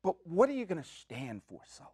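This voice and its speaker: Excitable high-voiced man hosting a podcast. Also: slightly rough, dry recording, studio quality. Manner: excitable, jokey, rambling with quick asides. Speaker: podcast host. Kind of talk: comic solo podcast monologue. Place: community media studio.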